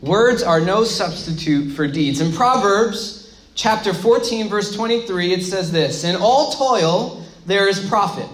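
A man's voice: sits high, a bit bright. A man giving a conversational sermon as a pastor, speaking informally, repeating key phrases and asking the audience questions. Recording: echoey room.

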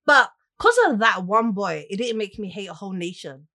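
A woman's voice: mid-range voice, normal speed. A woman from Somalia in casual podcast chat, telling stories and acting out what people said. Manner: animated storytelling, acting out quotes. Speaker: podcast guest.

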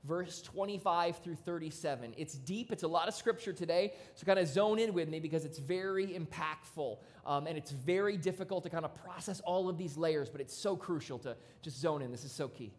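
A pastor preaching a sermon in a church, casual and conversational, with sudden loud bursts. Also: mid-range voice, brisk, hardly any pauses.

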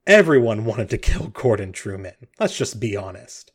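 A man's voice: lowish voice, very animated, moderate pace, breathy edge. A man voicing a chirpy, flippant young female monster creature in a tabletop game, with a breezy, teasing manner.

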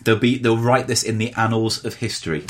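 A man co-hosting a podcast, chatting casually with a playful, teasing manner and husky voice. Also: lowish voice, flat delivery, brisk. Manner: playful, teasing, bursts into sung jingles. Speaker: podcast co-host. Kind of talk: casual comedy chat.

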